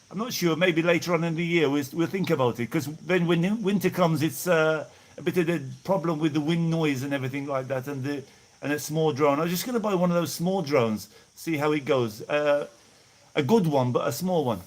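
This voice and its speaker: A man's voice: fairly high pitch, normal speed. A middle-aged man from England with a Birmingham accent, chatting casually on a live stream and thanking viewers by name. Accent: Birmingham English. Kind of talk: casual live chat, reading out viewer messages. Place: outdoors in hot weather.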